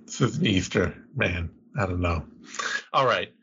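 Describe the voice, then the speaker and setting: A man's voice: deep voice, expressive, measured pace, bright, forceful tone, husky, highs cut off. A man hosting a podcast in casual banter, joking and trailing off mid-thought. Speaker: podcast host.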